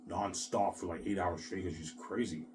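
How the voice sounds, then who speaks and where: Deep-voiced man in an agitated ramble. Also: fairly even intonation, normal speed, background noise. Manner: agitated, repetitive, swears often, keeps adding "man". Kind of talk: rambling emotional monologue.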